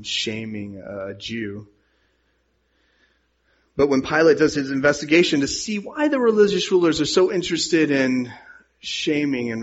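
Earnest husky male preacher. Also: medium pitch. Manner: earnest, rises and falls in volume. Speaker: pastor. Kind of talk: sermon with scripture reading. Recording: dull lo-fi sound.

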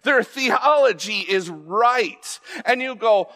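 A man delivers a sermon in a conversational, unscripted way. His voice sits high for a man, and he often repeats or restarts words before climbing into louder, more emphatic stretches. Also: expressive, a little slow. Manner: conversational preaching with frequent restarts and rising emphasis. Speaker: pastor.

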